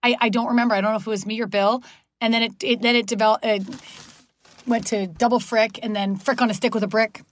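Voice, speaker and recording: A woman guest on a podcast in casual chat, giggling and reacting quickly. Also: a little high, steady tone.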